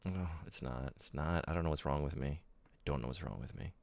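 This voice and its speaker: A man's voice: very deep voice, fairly quick, vocal fry, a little mellow. A man streaming a game, chatting casually with his viewers and poking fun at himself. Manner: chatty, self-deprecating, reads and answers chat. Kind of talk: casual live-stream chat while gaming.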